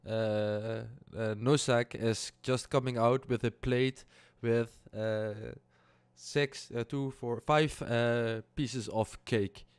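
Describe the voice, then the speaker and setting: Man, game master, non-native English accent, smooth clear voice, close dry sound, halting narration. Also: mid-range voice, fairly even intonation, dry recording. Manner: laughing, halting narration with many fillers.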